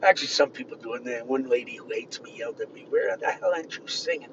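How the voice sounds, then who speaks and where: A man in his fifties telling rambling personal stories in a gruff manner, swinging between loud outbursts and low muttering. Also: quick pace, few pauses, noisy background. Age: 50s. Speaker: vlogger. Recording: distant, dull lo-fi with faint ambience.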